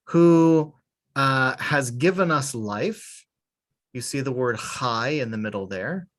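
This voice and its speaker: Male teacher, unhurried, patient, searches for words mid-explanation. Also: medium pitch, lively intonation. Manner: slow, patient, hesitant with fillers. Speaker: Hebrew teacher. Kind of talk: beginner language class.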